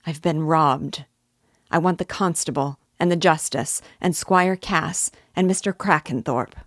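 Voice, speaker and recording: A woman voicing a desperate old male weaver who has been robbed, pleading slowly and gaspingly. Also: low-pitched, dry recording, clean studio sound.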